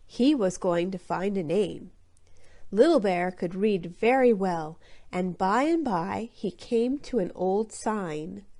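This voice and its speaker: A woman reading a children's story aloud clearly and deliberately for English learners. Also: medium pitch, mellow. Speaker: audiobook narrator.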